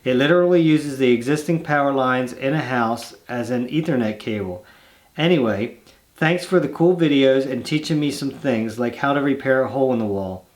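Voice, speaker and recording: A relaxed man hosting a home video channel, reading fan letters aloud at an ordinary pitch. He breaks off into easygoing, rambling asides, restarting his sentences as he goes. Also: normal speed.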